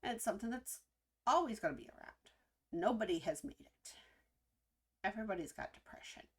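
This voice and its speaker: A woman hosting a reaction video, talking earnestly and reflectively in a casual way, with halting pauses. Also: mid-range voice, lively intonation, slightly rough. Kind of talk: casual spoken reaction commentary.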